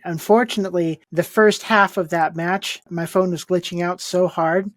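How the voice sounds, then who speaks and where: A woman co-hosting a wrestling review podcast, speaking in a relaxed, rambling way. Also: lowish voice, normal speed, no echo. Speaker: podcast co-host. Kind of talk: casual wrestling review chat.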